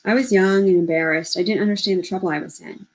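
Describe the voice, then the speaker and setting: A woman's voice: medium pitch, fairly even intonation, quick pace, natural voice. A woman reading as a haunted boy ghost. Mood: haunted, earnest. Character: young Black boy ghost, earnest, shaken.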